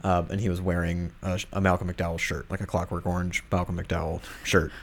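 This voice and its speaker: A man's voice: low voice, flat delivery, fairly quick, slight background noise. A man co-hosting a podcast in casual chat, rambling and hesitant with a dry manner. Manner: rambling, hesitant, many fillers and restarts, dry. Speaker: podcast co-host.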